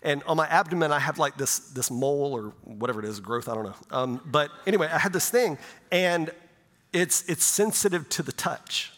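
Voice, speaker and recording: A man's voice: a little high, lively intonation, moderate pace, a bit bright. A middle-aged male pastor preaching a sermon in a conversational way, often checking in with "right?". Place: church sanctuary. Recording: long church reverb.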